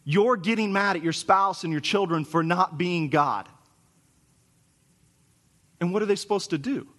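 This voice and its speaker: A man's voice: high voice, measured pace, fairly bright tone. A man in his forties preaching a sermon in an earnest, conversational way, with stories woven in. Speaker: pastor.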